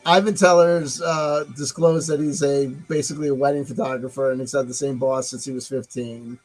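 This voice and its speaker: A man's voice: mid-range voice, flat delivery, normal speed, a little mellow, poor audio. A man hosting a casual live stream, musing aloud, rambling and swearing as he decides what to show next.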